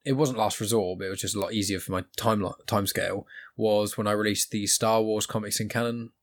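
Give me a quick, low-voiced young man hosting his podcast. He chats casually and loosely, restarting his sentences as he goes. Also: fairly even intonation. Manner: chatty, rambling with restarts. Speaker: podcast host.

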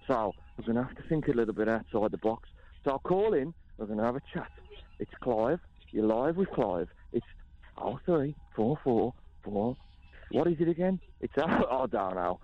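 A man's voice: mid-range voice, sing-song, normal speed, no room sound. A brash man with a Black Country accent fronts a late-night phone-in, his voice swinging up and down with showy energy. He hurries callers along and brushes them off with impatience. The sound is dry and a little muffled, like a broadcast feed. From Black Country, England. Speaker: radio phone-in host. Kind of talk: comedic radio phone-in hosting. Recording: dry, slightly muffled radio audio.

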